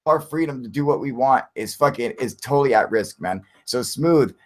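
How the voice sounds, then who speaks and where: A man's voice: medium pitch, animated, moderate pace. A heated man talks straight into his live stream and swears freely as he rants. His voice sits in a middle range. It sounds like casual, unscripted chat with his viewers. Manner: heated, profane ranting.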